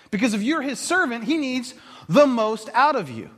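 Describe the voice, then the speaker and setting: A man's voice: extremely high pitch, normal speed. A man preaching a sermon as a pastor, talking casually and acting out the voices of the people in his story. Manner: animated, acts out quoted voices.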